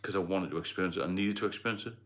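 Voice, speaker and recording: Deep-voiced man with a Geordie-London accent. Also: racing, a bit bright. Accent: Geordie and London mix. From Northeast England. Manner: rambling, reads out viewer comments. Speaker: livestream host. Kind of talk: casual livestream chat.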